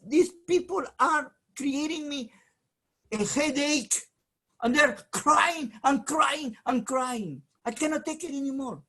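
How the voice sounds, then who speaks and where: A man, a rabbi, giving an informal Torah lesson, emphatic and animated, in broken English with many restarts and asides. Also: very high-pitched. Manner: jokes and talks aside to someone off mic. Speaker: rabbi teaching the weekly Torah portion.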